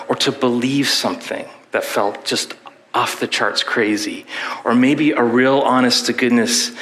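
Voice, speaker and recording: A man's voice: mid-range voice, sharp tone. A man with a Canadian accent preaching a sermon in a church, telling stories and slipping into playful voices. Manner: storytelling with playful put-on voices. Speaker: pastor. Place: church sanctuary.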